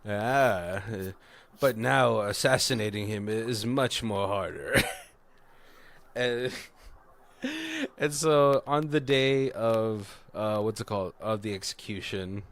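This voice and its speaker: A man's voice: lowish voice, takes it slowly, fairly bright tone. A man on a podcast casually retelling a film plot, rambling and breaking into laughter often. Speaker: podcast co-host. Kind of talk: casual movie recap.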